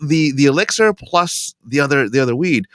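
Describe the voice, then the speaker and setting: Lively, rambling, laughing man. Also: mid-range voice, dry recording, clean studio sound. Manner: rambling, laughs often, halting restarts. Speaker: podcast co-host. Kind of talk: casual chat.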